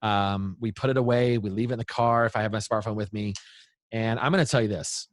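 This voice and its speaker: A man in his thirties or forties, an interview guest giving parenting advice in an earnest, animated way. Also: lowish voice, a little fast, no room sound, studio quality. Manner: earnest, animated, acts out quoted voices. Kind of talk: interview storytelling.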